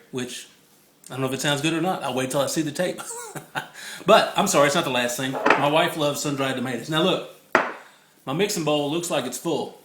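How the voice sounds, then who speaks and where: A man's voice: medium pitch, background noise. A man, chatting and joking as he films himself cooking at home on a phone. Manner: chatty, jokey, laughs often. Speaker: home cook filming a recipe video. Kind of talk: casual cooking demo. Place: home kitchen. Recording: echoey kitchen on a phone mic.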